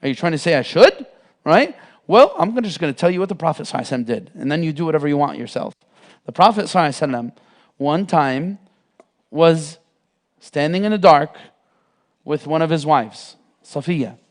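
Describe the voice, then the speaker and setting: Man giving a mosque class lecture, high-pitched voice, lively delivery that slips into acted-out voices. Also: quick pace. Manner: animated, acts out imagined speakers, frequent fillers. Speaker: Islamic teacher.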